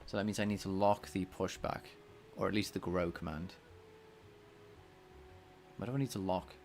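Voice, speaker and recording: A man with a slightly nasal voice, thinking out loud as he codes live and talks to his chat. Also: low-pitched, steady tone, moderate pace, soft background music. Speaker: game developer streaming his coding. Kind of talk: casual live-coding chat.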